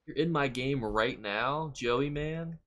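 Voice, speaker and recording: A man streaming a game live, chatting with viewers and reacting loudly and with swearing to the action. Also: medium pitch, slow pace. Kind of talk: live gameplay commentary.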